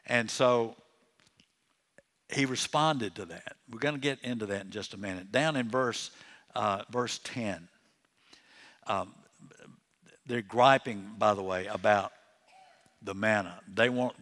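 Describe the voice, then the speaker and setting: Bright-voiced man preaching a sermon. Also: on the low side, slow pace, long pauses. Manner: conversational, joking asides with chuckles. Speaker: pastor. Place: church.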